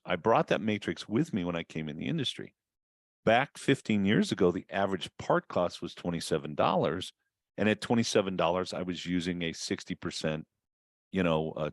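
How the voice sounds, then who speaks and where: A man with a low, deep voice talks through a business webinar in an easy, conversational way. He often pauses on fillers and restarts his sentences. The sound is dry, with no room echo. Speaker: auto repair business consultant. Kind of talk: webinar talk.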